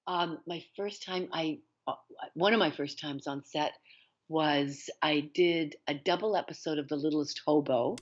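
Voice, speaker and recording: Canadian actress, low voice, lots of laughs, kinda muffled recording. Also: female voice, a little slow. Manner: animated storyteller, laughs often. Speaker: actress guest. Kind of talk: casual interview. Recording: dull lo-fi sound.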